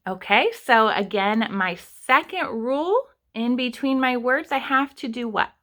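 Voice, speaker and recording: A young adult woman teaching an online kindergarten writing lesson, sounding out words slowly and patiently for young children. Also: a little high, expressive, bright, forceful tone. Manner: slow, sounding out words step by step.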